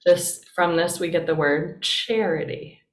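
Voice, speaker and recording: Woman pastor teaching, slow easy pace, chatty with lots of ums, echoey church room. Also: on the low side, background noise. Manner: chatty and encouraging, with many fillers. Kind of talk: casual classroom teaching. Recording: roomy echo.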